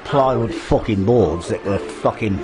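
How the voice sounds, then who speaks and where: A man's voice: on the low side, a little slow, low-quality recording. An older man giving a rambling, swear-filled walk-through of his half-stripped cottage loft, often losing his words. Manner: swears constantly, forgetful, gropes for words. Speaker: vlogger renovating his cottage. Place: inside a derelict cottage loft.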